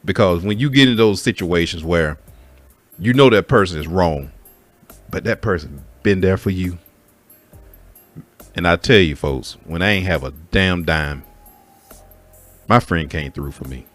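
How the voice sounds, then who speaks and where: A man with a very low voice recounts a personal story in a loose, candid way. He swears freely and addresses his listeners directly as folks. Faint music plays underneath. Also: measured pace, long pauses, no room sound. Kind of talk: casual spoken story.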